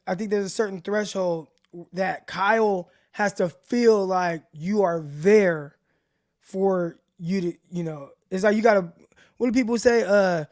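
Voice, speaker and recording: A man hosting a casual sports livestream, his voice fairly high for a man. He talks in loose, rambling bursts and keeps restarting his sentences, and the sound is close and dry. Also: darkish tone, no room sound. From Stockton, California. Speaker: sports show host.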